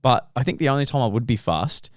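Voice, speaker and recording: A man's voice: medium pitch, expressive, fast, no room sound, clean studio sound. A young man, co-hosting a podcast in casual chat, swearing as he tells stories and mimics other people. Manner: storytelling, swears, mimics voices. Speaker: podcast co-host.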